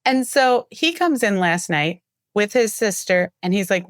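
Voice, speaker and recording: Her voice is mid-range and a little slow as she shares casual interview stories, bringing quoted lines to life with lively acting. She's a marketing executive appearing as a guest, recorded at studio quality with no room sound.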